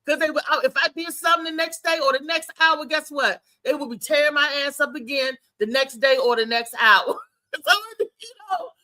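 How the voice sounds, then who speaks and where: A woman hosting a casual talk show, telling animated family stories with frequent laughter. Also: sits high, a little fast. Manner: animated storytelling, laughs often. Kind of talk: casual chat.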